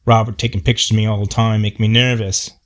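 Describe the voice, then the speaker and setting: A man voicing a gruff, short-tempered working man with blunt, profane backwoods talk. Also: lowish voice, level tone, quick pace, a bit bright, lightly acted.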